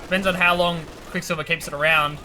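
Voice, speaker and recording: A man co-casting a strategy video game match, giving rapid, enthusiastic analysis. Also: on the high side, steady tone, a crowd in the background. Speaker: esports co-caster. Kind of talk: game commentary.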